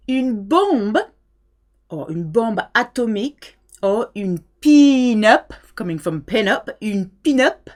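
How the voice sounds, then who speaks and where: A middle-aged woman from France giving a language lesson, patiently explaining and modelling phrases clearly. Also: lowish voice. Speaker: French teacher.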